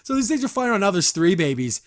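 Over some background noise, a man with a high, sing-song voice speeds through a casual cartoon episode recap on his podcast. He rambles with plenty of "like" and dramatizes the quoted lines.

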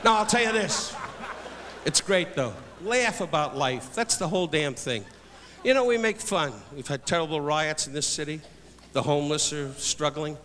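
An older man doing live insult stand-up on a theater stage, loud and brash as he barks jabs at the audience. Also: fairly high pitch, animated, moderate pace, long reverb tail. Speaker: insult comedian. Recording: live theater show, loud crowd and noise. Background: loud audience laughter.

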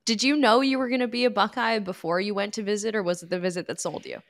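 A woman co-host talking from her home in a relaxed podcast chat. Her voice sits at an ordinary middle pitch, and she asks her questions with easygoing curiosity. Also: quick pace.

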